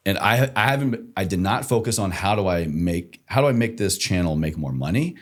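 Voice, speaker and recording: A young man hosting a podcast interview, reflective and measured as he shares advice. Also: low-pitched, lively intonation. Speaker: podcast host. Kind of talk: casual interview chat.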